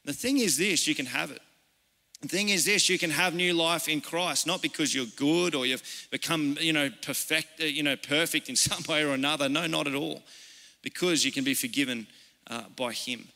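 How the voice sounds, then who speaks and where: A man's voice: fairly high pitch, normal speed, vocal fry, pushed and bright. A man with an Australian accent, a pastor giving an informal, earnest sermon and telling personal stories in a conversational way. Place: church service. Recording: reverberant church hall.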